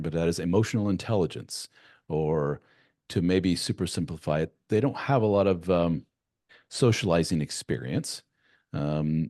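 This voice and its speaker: A deep-voiced man hosting an interview, his pitch swinging widely as he talks. He acts out the people he quotes with animated delivery. The sound is dry and close. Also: no echo. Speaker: podcast host. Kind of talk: conversational interview.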